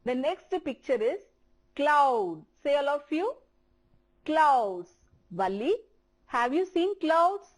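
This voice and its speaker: Here a female teacher with an Indian English accent gives a primary English lesson on television, speaking slowly and saying words again for the children to repeat. She sounds high-voiced and animated.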